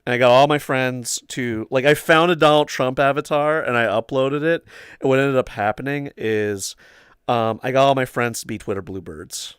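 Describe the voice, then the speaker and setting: A young man hosting a casual livestream, telling a story in a loose, rambling way full of fillers. His voice sits at an ordinary pitch and is recorded dry and close. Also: normal speed, a bit bright, smooth, no echo. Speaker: livestream host.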